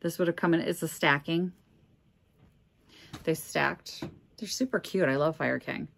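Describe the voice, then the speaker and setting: A woman's voice: deep voice, a little slow, creaky. A middle-aged woman from Minnesota, a reseller chatting casually and candidly with joking asides as she sorts auction finds. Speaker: reseller vlogger. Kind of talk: casual chat.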